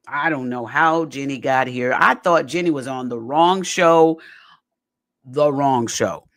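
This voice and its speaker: Addressing the audience directly as "y'all," a chatty podcast host walks through a reality show episode in casual commentary. Pitch bounces widely in an animated delivery, and phrases keep coming back for emphasis.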